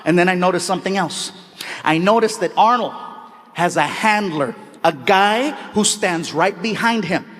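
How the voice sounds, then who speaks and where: A man doing stand-up storytelling in an animated, excitable way, laughing along with his own story. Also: sits high, moderate pace, big-room sound. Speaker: stand-up comedian.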